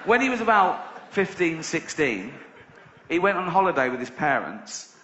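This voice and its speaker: A middle-aged man doing a stand-up routine, chatty and sweary, breaking into laughter at his own jokes. His voice sits fairly high. The sound is an echoey, muffled live recording with a lot of noise behind it. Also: very animated, normal speed, fairly bright tone. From England. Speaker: stand-up comedian.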